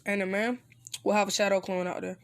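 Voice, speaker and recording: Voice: medium pitch, level tone, brisk, no echo, clean studio sound. Rambling, casual fan story narrator. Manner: rambling, full of fillers and restarts.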